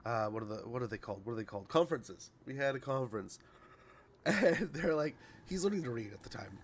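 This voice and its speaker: A man's voice: mid-range voice, lively intonation, a little fast. A male streamer in casual livestream chat, reading patch notes aloud, rambling, tripping over words and laughing at himself.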